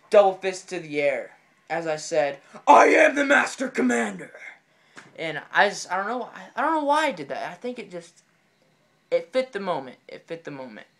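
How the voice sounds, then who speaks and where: Excitable rambling man telling a funny story. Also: fairly high pitch. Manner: excitable, rambling, repeats phrases. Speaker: comedic storyteller. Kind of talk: comedic storytelling monologue.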